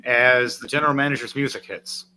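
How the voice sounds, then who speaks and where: A man running a tabletop wrestling game who calls the action play-by-play as if he were commentating. His voice is bright and forward, and there is a faint noise behind him. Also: medium pitch, brisk, poor audio. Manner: play-by-play, lively, laughing. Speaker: game master.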